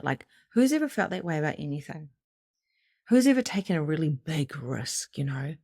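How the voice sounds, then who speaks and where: A middle-aged woman giving an animated, casual motivational talk as a spiritual coach, swearing freely and acting out inner voices. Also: deep voice, moderate pace, vocal fry, no echo, studio quality. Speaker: psychic medium and spiritual coach.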